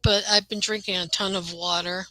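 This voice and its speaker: Bright, chatty Midwestern woman. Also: mid-range voice, steady tone, normal speed, dry recording. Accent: Midwestern American. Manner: chatty, laughs easily, blunt. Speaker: community chat participant. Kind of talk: casual group video chat. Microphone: webcam.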